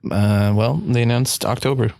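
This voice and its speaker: Gravelly laid-back man chatting. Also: mid-range voice, steady tone, moderate pace, a little mellow, no room sound. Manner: laid-back, laughs often. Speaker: podcast co-host. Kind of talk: casual chat.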